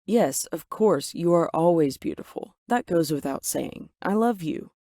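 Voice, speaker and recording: Woman playing a gentle young man, earnest, affectionate, storybook. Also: lowish voice, lively intonation, measured pace, no echo, studio quality.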